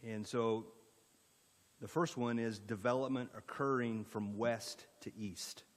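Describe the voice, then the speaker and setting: Man, Indiana accent, public meeting presentation, lowish voice, reverberant room. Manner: structured, with frequent fillers. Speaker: economic development presenter.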